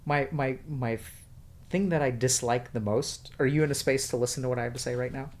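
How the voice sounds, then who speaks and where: A man with a measured, questioning way of talking leads a counseling-style conversation. He stops to think and then asks direct, probing questions. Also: medium pitch, fairly even intonation. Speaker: psychiatrist guest.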